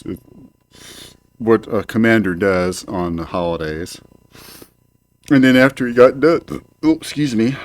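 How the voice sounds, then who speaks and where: Older male home-show host, lowish pitch; profane, rambling monologue with frequent stalls. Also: a little hiss or hum. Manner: profane, rambling, hesitant with many fillers. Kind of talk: ranting monologue. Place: home, indoors. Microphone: desk microphone.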